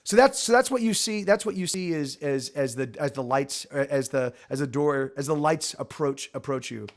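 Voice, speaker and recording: A man's voice: a little high, moderate pace. A man narrating a tabletop game as game master, rambling with many restarts.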